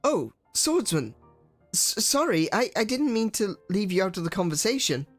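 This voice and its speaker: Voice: mid-range voice, big pitch swings, moderate pace, faint music behind, voice pushed up. A streamer voicing a flustered eccentric old inventor. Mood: fussy, excitable. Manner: fussy, flustered, stammering. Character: eccentric older male inventor scientist. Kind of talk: voicing game dialogue.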